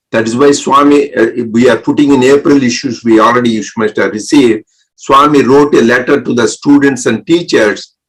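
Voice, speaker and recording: Man explaining mantras slowly. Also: medium pitch, rough recording. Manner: breaks words into syllables, with many restarts and pauses. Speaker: spiritual speaker. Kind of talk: spiritual talk explaining mantras.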